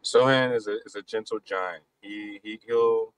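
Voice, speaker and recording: A man hosting a casual live basketball chat, talking fast and loosely with frequent restarts. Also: lowish voice, fairly even intonation, clear, resonant tone, no echo, low-quality recording. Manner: rapid, loose talk with many restarts. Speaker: podcast host.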